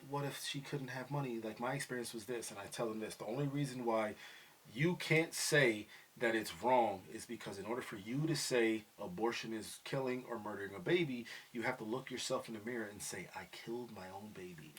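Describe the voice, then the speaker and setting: A middle-aged man hosts a casual family podcast with his son, speaking briskly in a lowish, slightly rough voice. He talks animatedly, often slips into quoted voices, and fills his speech with phrases like "you know what I mean".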